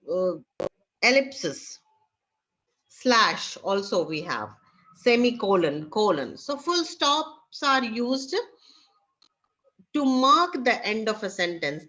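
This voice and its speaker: Slow, bright-voiced woman teaching online. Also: mid-range voice. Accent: Indian English. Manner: slow, halting delivery with many fillers. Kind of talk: online class lecture. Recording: dull lo-fi online class audio.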